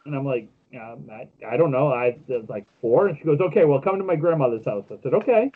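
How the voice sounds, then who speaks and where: A man's voice: medium pitch, expressive, fast, phone-quality sound, a little hiss or hum. A man co-hosting a casual podcast, telling jokey stories with lots of fillers and restarts. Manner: joking storyteller with many fillers. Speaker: podcast co-host.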